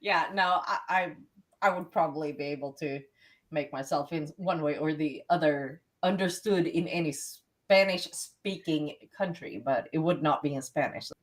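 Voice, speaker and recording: A woman's voice: sits low, normal speed. A Swedish-born woman living in the US co-hosting a podcast in casual chat, chatty and self-mocking and laughing often. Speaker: podcast co-host.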